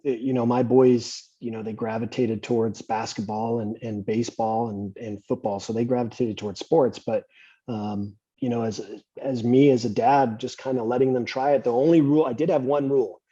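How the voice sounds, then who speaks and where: A man hosting a podcast, telling stories and giving advice in a relaxed, chatty way. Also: mid-range voice, moderate pace, husky. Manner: relaxed, anecdotal, gives advice. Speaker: podcast host. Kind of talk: conversational interview, storytelling. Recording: slightly muffled lo-fi audio.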